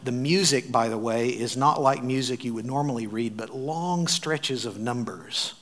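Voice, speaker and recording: A man's voice: medium pitch, normal speed. Man preaching with wry storytelling. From United States. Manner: animated storyteller with wry asides. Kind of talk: sermon storytelling.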